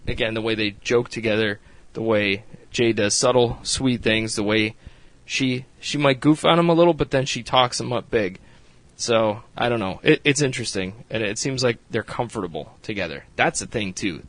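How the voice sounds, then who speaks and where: A man's voice: mid-range voice, no room sound. A man hosting a podcast, casually recapping a reality show in a rambling way, laughing often and swearing freely. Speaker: podcast host.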